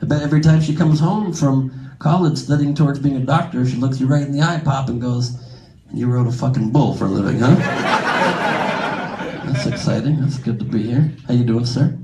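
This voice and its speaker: On a comedy club stage, a stand-up comedian does improvised crowd work, ribbing the audience in a brash, profane way. His mid-range voice is a little fast and warm, picked up on a handheld stage mic with roomy sound, slight background noise, poor audio, and a laughing crowd.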